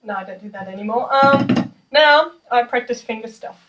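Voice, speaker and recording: Demonstrating snare drills in a practice room, a young adult percussion student talks casually, filling gaps with fillers and poking fun at herself. Her pitch is fairly high and her tone a bit bright, at a moderate pace. The recording sounds dull, from a far-off mic with drums in the background.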